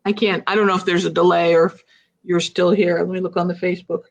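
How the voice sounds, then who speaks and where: A woman's voice: on the low side, flat delivery, fast talker, lo-fi sound. Woman livestream host, upbeat, laughs easily, talks in rhetorical questions. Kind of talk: livestream coaching interview.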